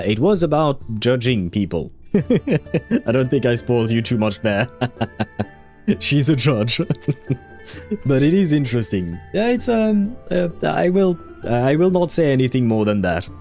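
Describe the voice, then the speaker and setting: A man with a mid-range, slightly mellow voice streams a game and chats in a rambling way, leaning on filler words, laughing frequently and swearing when he gets frustrated in his casual commentary.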